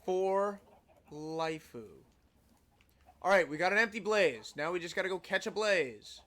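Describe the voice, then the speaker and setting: A woman streaming a video game, chatting casually, animated and exasperated, sometimes shouting at her teammates. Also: mid-range voice, fairly quick. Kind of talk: casual gaming chat.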